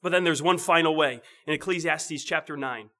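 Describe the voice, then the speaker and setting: A man with a fairly high-pitched voice preaches at a normal speed, keeping things conversational. He asks rhetorical questions and drops into a quiet, soft delivery on the points that matter most.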